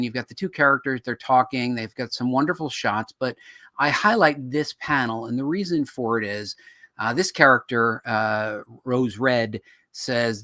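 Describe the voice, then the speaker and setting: A man's voice: medium pitch, dry recording, studio quality. A man co-hosting a show on writing comics, explaining in casual chat and acting out quoted reactions. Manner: animated, acts out quoted reactions.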